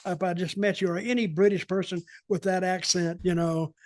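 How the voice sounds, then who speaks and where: A man's voice: sits high, steady tone, a little fast, no room sound, clean studio sound. An American man chatting as a podcast co-host in a folksy, rambling way, often repeating his words. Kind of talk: casual storytelling chat.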